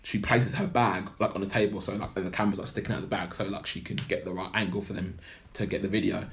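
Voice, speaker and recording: Rambling low-voiced man. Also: level tone, fast talker, creaky. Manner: rambling, full of "like" and "blah blah". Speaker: podcast co-host. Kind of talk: casual film recap chat.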